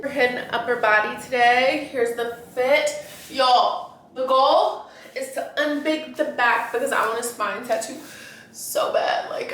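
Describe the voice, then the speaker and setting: A young woman with a somewhat high voice chats to her viewers in an animated, expressive way, calling them y'all. Her voice rings a little in a roomy space over a faint background hum. It is an everyday phone-vlog recording. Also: distant mic. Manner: chatty and expressive, talks straight to viewers as "y'all". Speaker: vlogger. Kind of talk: casual vlog chat to camera.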